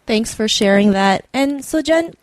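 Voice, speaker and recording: A woman from Canada hosting a podcast interview, enthusiastic, with bright lifts on her greetings and questions. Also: fairly high pitch, lively intonation, unhurried, dry recording. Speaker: podcast host.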